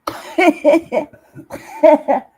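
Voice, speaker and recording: A woman's voice: sits high, extremely slow, a little mellow, rough recording. A woman chatting casually on her own stream, teasing, laughing often and swearing freely. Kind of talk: casual chat.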